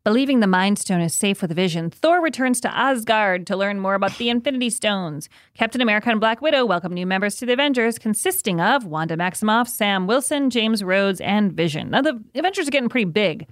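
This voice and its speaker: A woman's voice: mid-range voice, lively intonation, a little fast, hardly any pauses, no room sound, studio quality. A woman co-hosting a podcast, reading plot summaries and chatting with amused asides. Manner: chatty, amused, lots of likes. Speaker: podcast co-host.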